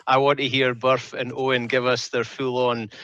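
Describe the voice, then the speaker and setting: A man joins a rugby podcast panel, joking in a relaxed way. His tone is bright and tense but keeps flat. The sound is dry and dull, like a lo-fi line. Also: medium pitch, normal speed. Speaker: panel guest. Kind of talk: casual panel chat.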